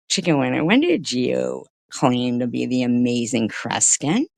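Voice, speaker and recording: A woman's voice: rumbling low, very animated, measured pace, creaky, hardly any pauses, a little mellow, no echo, clean studio sound. A middle-aged woman hosting a live-stream commentary, swearing, sarcastic and mocking, and drifting into chatty stories. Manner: chatty storytelling.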